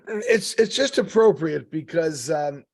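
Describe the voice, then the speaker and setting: A man's voice: on the high side, expressive, slow, gravelly. A man co-hosting a podcast, asking jokey, teasing questions and stumbling over his setup. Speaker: podcast co-host. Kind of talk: casual chat.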